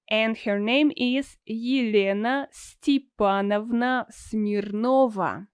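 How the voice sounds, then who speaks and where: A woman's voice: on the high side, clear, resonant tone, dry recording, studio quality. A woman, a language teacher explaining things earnestly in scripted video narration. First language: Russian.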